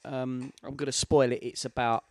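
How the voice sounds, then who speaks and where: A man's voice: medium pitch, little pitch movement, moderate pace. A man co-hosting a podcast, chatting casually and joking with his guest. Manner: jokey, banters and teases. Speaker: podcast co-host. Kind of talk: casual chat.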